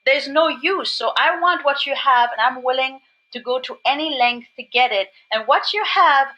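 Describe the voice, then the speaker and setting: A woman's voice: high-pitched, bright, forceful tone, dull audio. Enthusiastic woman with a German accent. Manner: enthusiastic, rapid restarts and repeats. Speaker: podcast guest. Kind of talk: animated recovery talk.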